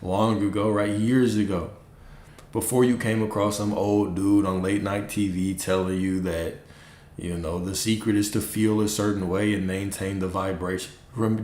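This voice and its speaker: Man, low voice, blunt preachy coaching talk, echoey room. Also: steady tone, moderate pace, darkish tone. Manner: blunt, preachy, profane, mocks listeners in high put-on voices. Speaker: manifestation coach. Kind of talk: casual livestream talk.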